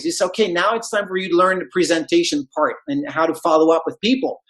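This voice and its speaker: Man, English not his first language, motivational sales talk, animated storyteller. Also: high voice, fast, few pauses, low-quality recording. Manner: animated storyteller, acts out quoted dialogue. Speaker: network marketing speaker.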